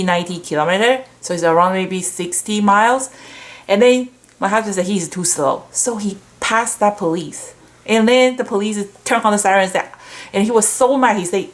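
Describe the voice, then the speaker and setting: A middle-aged woman hosting a stamp shop video, chatting casually and gushing over handmade cards while telling rambling stories. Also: mid-range voice. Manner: rambling storyteller. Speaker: stamp shop host sharing card swap entries.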